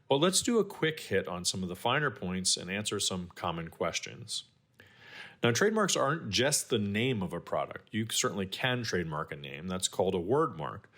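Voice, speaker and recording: A man with a fairly low voice explains legal matters in a clear, measured, scripted way. His pitch moves around a lot, which keeps the lecture animated. Now and then he drops in a dry, wry aside. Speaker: guest expert on trademarks.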